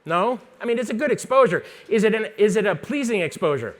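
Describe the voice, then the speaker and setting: On a conference stage before a live audience, a high-voiced male photography instructor gives a workshop demonstration with lively intonation. He's chatty and jokey, talking fast and quizzing the crowd.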